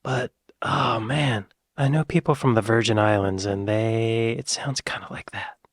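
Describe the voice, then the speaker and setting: A man's voice: lowish voice, a little slow, creaky, dry recording, studio quality. American man thinking aloud on camera. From United States. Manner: thinks aloud, excitable bursts. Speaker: reaction video host. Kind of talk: casual reaction commentary.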